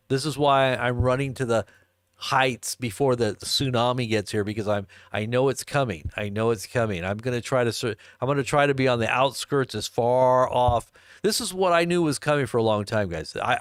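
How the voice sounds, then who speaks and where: A man hosts a live stream in a clear, resonant mid-range voice at normal speed, with a dry, clean studio sound. He rambles casually and jokingly, chuckling and tossing out jokey asides as he answers chat.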